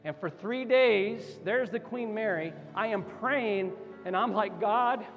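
A man's voice: high voice, a little slow, big-room sound, soft background music. A man preaching a sermon as pastor, telling a story and building to fervent exhortation.

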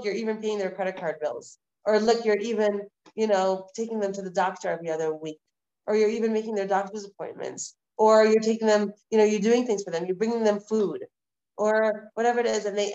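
Over a lo-fi video call, a woman with a mid-range voice teaches a live online Torah class. She lectures in a lively, conversational manner, repeating phrases and posing rhetorical questions.

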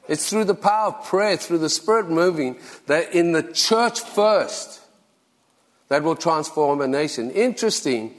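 Man, pastor, sermon, exhorting, repeats phrases, slightly high voice, long church reverb. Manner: earnest, exhorting, repeats for emphasis. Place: church sanctuary.

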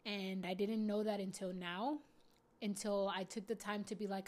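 A woman's voice: medium pitch, fairly even intonation, moderate pace, a little mellow. A woman in her twenties talking candidly and profanely to her viewers about self-care and being a mom. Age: 20s. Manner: casual, profane, heartfelt. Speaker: vlogger.

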